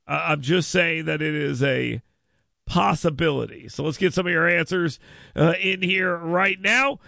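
A man's voice: on the high side, measured pace, vocal fry, bright, forceful tone, no echo. A man hosting a radio call-in show in a studio. He chats casually, rambles, repeats words and laughs often. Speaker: radio talk show host. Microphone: studio mic.

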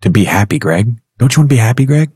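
A man voicing a calm male angel duck on someone's shoulder, speaking in a raised, pleading, reassuring way. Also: mid-range voice, fast talker, slightly rough, no echo, clean studio sound.

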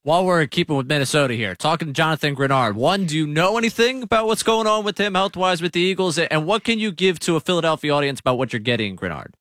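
Fast-talking sports radio host, man. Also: on the high side, animated, fairly bright tone, no room sound, studio quality. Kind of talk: casual sports radio banter.

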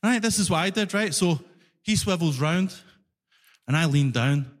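High-voiced Glaswegian man doing stand-up. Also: moderate pace, long reverb tail. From Scotland. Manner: animated storytelling, acting out both sides. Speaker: stand-up comedian. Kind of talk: stand-up comedy set. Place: large concert hall stage.

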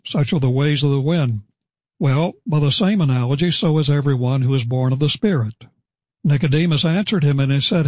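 A man delivers a verse-by-verse sermon in a measured, teacherly way, stressing the quoted words. His voice is slightly husky and sits at an ordinary pitch for a man. The recording is dry, with little room sound. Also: darkish tone, no echo. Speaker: preacher. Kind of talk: expository sermon.

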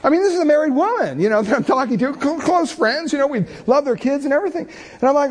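With a very high-pitched, expressive voice, a middle-aged pastor talks fast through a sermon. He pokes fun at himself in candid personal stories, peppering them with "you know" and other casual fillers.

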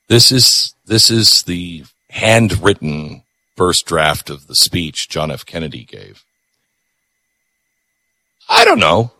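Male radio host; sarcastic, ranting monologue, very animated pitch, bright tone. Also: takes it slowly, pauses often. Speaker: radio talk show host. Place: radio studio.

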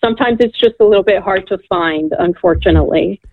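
A woman's voice: mid-range voice, fast. A woman who is a guest on a radio talk show, speaking in an earnest, encouraging way. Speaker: guest, ministry leader. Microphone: phone. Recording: phone line.

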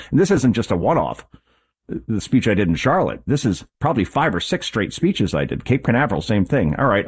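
A man's voice: deep voice, darkish tone. A man hosting a political commentary show, delivering an opinionated monologue with sarcasm and rhetorical questions.

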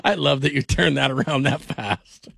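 A man's voice: mid-range voice, moderate pace, vocal fry, pushed and bright, breathy edge, no room sound. A man hosting a late-night sports talk radio show, rambling and restarting his sentences and laughing often. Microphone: studio microphone. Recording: dry close studio sound.

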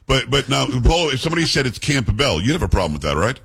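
Fast, animated husky talk-radio host. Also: male voice, mid-range voice. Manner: animated, opinionated storytelling. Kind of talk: casual talk radio banter.

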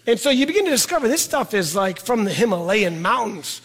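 A middle-aged man preaching a sermon in a conversational way, repeating words for emphasis and slowing down on key words. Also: sits high, big pitch swings, a bit bright, slightly rough. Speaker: pastor.

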